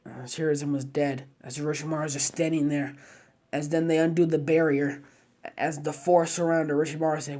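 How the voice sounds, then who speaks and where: A man's voice: a little high, level tone, a little fast, darkish tone. A man narrating a fan-made story casually, chaining run-on clauses with slang and fillers.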